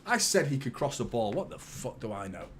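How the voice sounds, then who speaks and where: A man's voice: mid-range voice, fairly quick, slight background noise. A man hosting a live football watchalong, reacting to the match, swearing and joking with his chat. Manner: excitable, swears, jokes with chat. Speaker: watchalong host.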